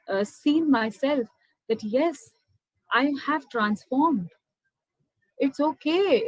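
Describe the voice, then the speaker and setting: Indian lady telling her spiritual story, higher voice, says my dear friends a lot. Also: no room sound, low-quality recording. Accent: Indian English. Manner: earnest, addresses listeners as "my dear friends". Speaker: spiritual speaker. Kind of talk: motivational personal testimony.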